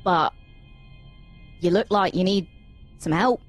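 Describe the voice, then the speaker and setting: A woman voicing a gruff, streetwise stranger who coaxes travellers inside, in a put-on Cockney accent that slides toward Australian. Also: lowish voice, slow, faint music behind. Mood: coaxing. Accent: put-on Cockney drifting toward Australian. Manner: coaxing, breezy, pushy.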